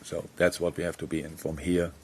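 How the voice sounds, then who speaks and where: A middle-aged football manager answering press questions frankly, with many restarts. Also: male voice, low-pitched, level tone, brisk, darkish tone, slight background noise. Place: press conference room.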